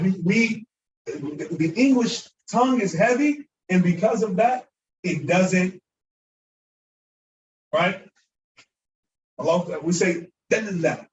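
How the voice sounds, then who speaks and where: A man teaching a class, high in pitch and animated, acting out mistakes and drilling words aloud. He sounds set back from the microphone in a roomy, echoing space, with faint room ambience behind him. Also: a little hiss or hum. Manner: animated, acts out mispronunciations, repeats words for drilling. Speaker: Arabic teacher. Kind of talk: classroom lecture. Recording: echoey room, voice from far off.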